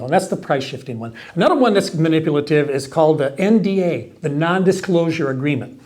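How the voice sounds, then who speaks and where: A man with a Texan accent, a window company owner, talking casually to camera and acting out salesmen's pitches in quoted voices. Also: expressive, brisk, a little mellow.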